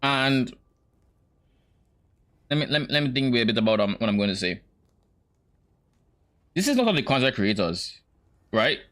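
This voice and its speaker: A man's voice: mid-range voice, big pitch swings, normal speed, long pauses, fairly bright tone. A young man streaming, giving casual, opinionated reaction commentary with hesitant restarts.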